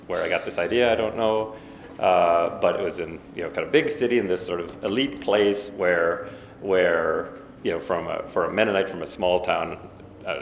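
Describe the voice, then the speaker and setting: A man in his fifties giving a self-deprecating after-dinner speech, halting with many fillers. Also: deep voice, creaky. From Ontario, Canada. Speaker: guest speaker. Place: banquet hall. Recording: echoey banquet hall with faint room noise.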